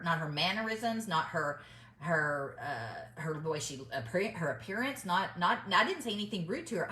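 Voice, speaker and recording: A woman's voice: fairly low pitch, sharp tone, reverberant. A middle-aged woman, telling a story to her viewers in a chatty, emphatic way and calling them y'all. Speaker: vlogger giving business mindset advice. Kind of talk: casual storytelling to camera.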